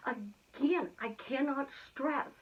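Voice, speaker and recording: A woman giving an energetic, emphatic motivational talk in a chatty way. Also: high-pitched, takes it slowly. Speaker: motivational speaker. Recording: tinny phone-like sound.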